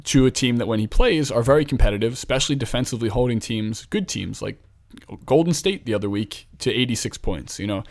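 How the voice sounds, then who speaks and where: A man's voice: medium pitch, animated, fast. A man from Philadelphia hosting a casual basketball talk show, chatty and rambling as he thinks aloud. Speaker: basketball podcast host.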